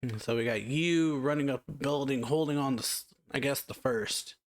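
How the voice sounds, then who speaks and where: A man's voice: medium pitch, moderate pace. Man casually recapping a comic chapter. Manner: loose, rambling retelling with many fillers; reads character lines aloud in a lightly raised voice. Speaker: manga reaction channel host.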